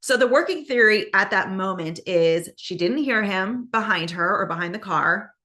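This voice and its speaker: Woman host, bright tone, casual true-crime retelling, chatty with fillers. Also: mid-range voice, animated, normal speed. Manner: conversational, many fillers, acts out quoted lines. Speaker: podcast host.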